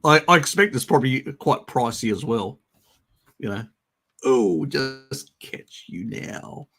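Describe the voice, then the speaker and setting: A man hosts a casual live stream and answers viewer questions with a sarcastic, mocking edge. His voice is gravelly and husky, with a breathy rasp. He laughs often. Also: mid-range voice, expressive, takes it slowly, a bit bright.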